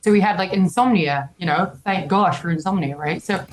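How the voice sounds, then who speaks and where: A young adult woman on a podcast telling a story in a lively, casual way, full of "like" and swearing. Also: lowish voice, fairly quick, rough recording. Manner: animated, heavy filler "like", casual swearing. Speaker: podcast guest.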